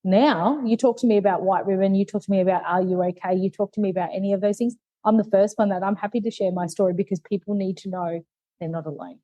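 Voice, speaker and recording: A woman's voice: mid-range voice, steady tone, fast talker, dark tone, dry recording, lo-fi sound. A woman, a podcast guest, telling her life story openly and earnestly, acting out remembered dialogue. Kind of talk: candid life story in conversation.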